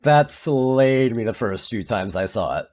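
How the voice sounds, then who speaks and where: A man's voice: mid-range voice, animated, unhurried, a little mellow. A man streaming and chatting casually, rambling with lots of filler words and restarts. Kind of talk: casual chat.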